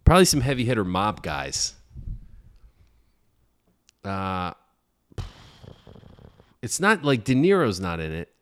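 Low-voiced, lively male podcast host. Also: slow pace, pauses often. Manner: rambling, hesitant under pressure. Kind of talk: casual movie review chat.

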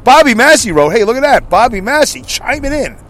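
A man's voice: extremely high pitch, big pitch swings, a little fast, a bit bright, a little hiss or hum, low-quality recording. A man hosting his podcast from inside his car, reading listener comments in a rambling, self-mocking way. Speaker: podcast host. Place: inside a car while driving.

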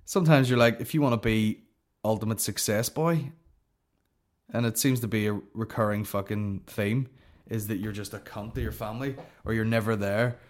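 A man's voice: fairly low pitch, fairly even intonation, normal speed. A Northern Irish man hosting a comedy podcast, ranting casually in a profane, rambling way and swearing constantly.

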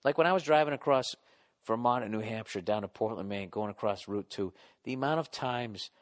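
A man's voice: medium pitch, fairly quick. A middle-aged man hosting a podcast, reading listener letters aloud and answering them in a blunt, profane, rambling way. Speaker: podcast host.

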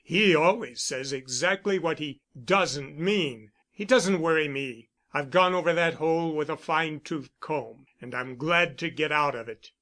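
A man's voice: on the high side, measured pace, hardly any pauses, sharp tone. A man reading the part of a persuasive, insistent suitor who speaks with urgent, coaxing force. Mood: assured.

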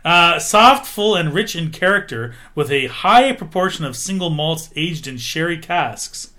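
Podcast co-host, self-styled loudmouth, bright and forceful. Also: male voice, fairly high pitch, lively intonation, unhurried. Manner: loud, self-described loudmouth. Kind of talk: casual banter over drinks.

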